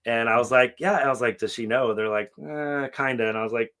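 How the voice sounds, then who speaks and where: A middle-aged man on a podcast, talking casually and emotionally, swearing often and acting out quotes loudly. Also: mid-range voice, brisk. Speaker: podcast co-host.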